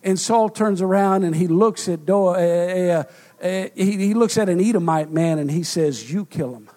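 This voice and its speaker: High-voiced man preaching a sermon. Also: moderate pace. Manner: preaching with swings from loud shouts to hushed tones; frequent "uh" fillers and restarts. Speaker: pastor.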